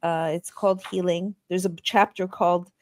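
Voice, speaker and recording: A woman hosts a podcast interview, chatting in a loose, casual way and restarting her sentences frequently. Her voice is on the low side and darkish, with fairly even intonation at a moderate pace.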